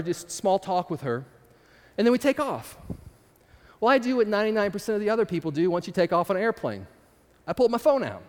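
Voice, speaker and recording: A man's voice: high voice, in a large hall. A man telling a personal story in a casual, conversational way, turning to the audience with asides. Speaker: speaker addressing an audience. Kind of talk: storytelling sermon.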